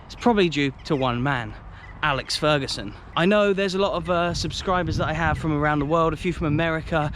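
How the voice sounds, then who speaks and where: A young man from Britain talks his way around a city stadium, chatty and enthusiastic, tossing in jokey asides as he walks. His voice sits a touch high. Traffic and outdoor ambience come through clearly behind him on the camera mic. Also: brisk, hardly any pauses. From United Kingdom. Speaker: football travel vlogger. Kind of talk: walking vlog commentary. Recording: outdoor street noise.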